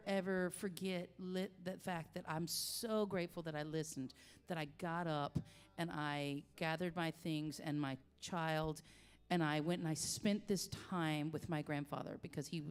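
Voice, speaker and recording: A woman in her forties talks in a low, smooth voice. She tells her story haltingly and from the heart, with many restarts. The recording carries a long, roomy reverb. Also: fairly even intonation, a little mellow. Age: 40s. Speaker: singer-songwriter guest. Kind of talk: personal storytelling in conversation. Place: coffee shop. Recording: long reverb, echoey room.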